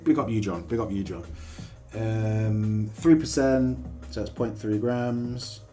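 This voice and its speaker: A man chatting casually and excitably on a live stream from his kitchen, swearing freely as he talks. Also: fairly low pitch, takes it slowly, soft background music. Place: home kitchen.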